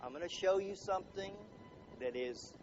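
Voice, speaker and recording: High-voiced animated seminar speaker, man. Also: normal speed, a little hiss or hum. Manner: animated, jokey, acts out little scenes. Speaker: motivational speaker. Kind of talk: seminar talk to a live audience. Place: room with live audience. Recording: dull lo-fi recording, faint ambience.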